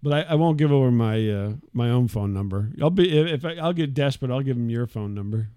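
A middle-aged man co-hosting a podcast, telling a story in a lively, casual way and mimicking the voices of others. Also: mid-range voice, quick pace, clean tone, no room sound. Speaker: podcast co-host. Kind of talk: casual chat.

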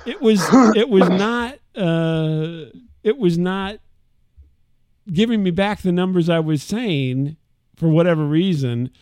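Middle-aged guy, kinda high voice, chatty storyteller doing funny voices, dry close mic. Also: slow, smooth, dry recording. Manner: animated storytelling, mimics voices. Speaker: podcast co-host. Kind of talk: casual chat.

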